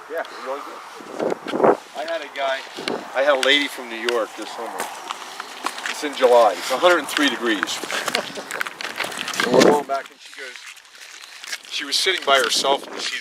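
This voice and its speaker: A man working as a jeep tour guide, chatting with riders, explaining the landscape and telling stories. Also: mid-range voice. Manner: chatty storyteller, explains landmarks. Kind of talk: casual tour commentary. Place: outdoors in an open jeep. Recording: distant, loud engine and wind noise.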